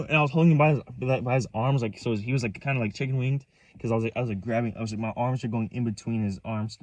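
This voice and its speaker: A man's voice: medium pitch, very fast, darkish tone, no room sound, recorded from a distance. A young man rambling through a story from his own life, restarting and repeating himself, set back from the mic. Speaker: vlogger. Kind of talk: casual storytelling.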